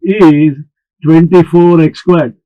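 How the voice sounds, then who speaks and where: A man teaches a maths lesson slowly and deliberately, explaining each step and talking back to imagined students. His voice is fairly high with a steady tone, and the recording is lo-fi with no room sound.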